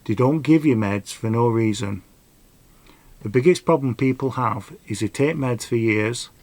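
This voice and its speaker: A man's voice: mid-range voice, a little slow, a little mellow, dry recording. A middle-aged man, telling a rambling personal story and giving earnest advice in a casual vlog. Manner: rambling, earnest, dialect grammar. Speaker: vlogger.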